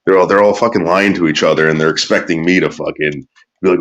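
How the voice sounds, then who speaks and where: A man's voice: low voice, fairly even intonation, quick pace, a bit bright. A man ranting crudely and bitterly in casual talk, drawling some words and muttering others. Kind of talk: profane casual rant.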